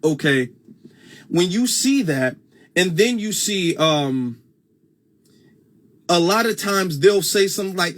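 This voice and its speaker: A man's voice: high voice, expressive, slow pace, long pauses, fairly bright tone. A man hosting a casual livestream commentary, talking conversationally, repeating his points and reading comments aloud. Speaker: host.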